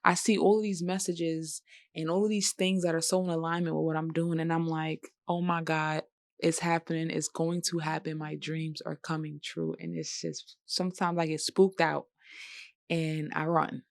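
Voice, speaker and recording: A woman's voice: low-pitched, little pitch movement, moderate pace, no echo, clean studio sound. A tired woman speaking earnestly and emotionally in a personal vlog, with speech. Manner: emotional, earnest, pleading at times. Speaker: vlogger. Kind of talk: personal vlog talk to camera.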